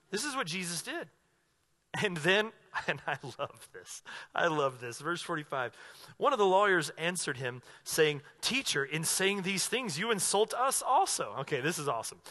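A man preaching a sermon as pastor, conversational and animated, acting out quotes as he goes. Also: sits high.

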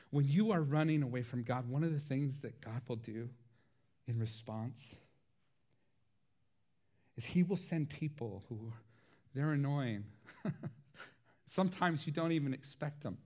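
A man preaching a sermon, telling stories in a lively, laughing way. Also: fairly high pitch. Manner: animated storytelling with frequent laughs. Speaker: pastor.

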